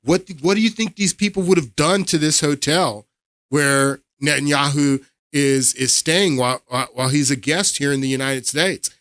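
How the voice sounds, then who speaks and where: A man's voice: a little high, moderate pace, fairly bright tone, dry recording, clean studio sound. A man hosting a political commentary show, talking emphatically to his viewers and laughing in disbelief.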